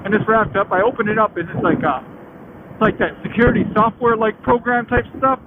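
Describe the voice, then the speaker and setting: A man in his late thirties with a high voice spins a loose, slangy story about his riding days, swearing casually as he goes. The sound is thin and tinny like a phone line, with a light hiss under it. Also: fairly quick. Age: late 30s. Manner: slangy, chatty, laughs often, swears. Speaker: motorcycle vlogger.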